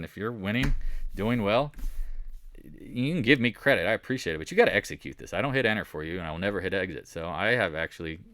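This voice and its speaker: A man's voice: sits low, a bit bright, dry recording. A man from the Southern United States hosting a market recap, talking in a casual, rambling way and repeating his points. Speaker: stock trading video host.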